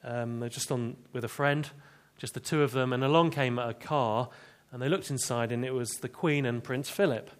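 A man preaching a sermon, earnest and emphatic, slowing down to read scripture. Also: mid-range voice, steady tone.

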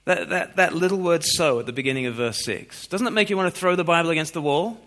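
A man preaching a sermon, expressive, moving between loud questions and quiet scripture reading. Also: on the high side, quick pace.

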